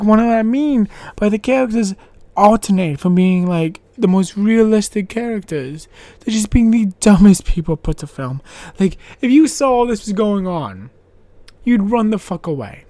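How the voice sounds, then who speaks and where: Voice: mid-range voice, mellow, no room sound. Foul-mouthed rambling podcast host. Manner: profane, rambling, laughs at own jokes; sarcastic asides. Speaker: podcast host reviewing a horror film. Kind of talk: casual spoken film recap.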